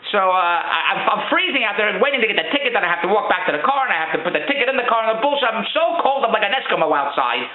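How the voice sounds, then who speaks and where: Brief: middle-aged man, vlog rant, high and quick, tinny echoey sound. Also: sing-song. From Philadelphia. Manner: exasperated, joking complaints with rambling repeats. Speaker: vlogger. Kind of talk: casual storytelling rant.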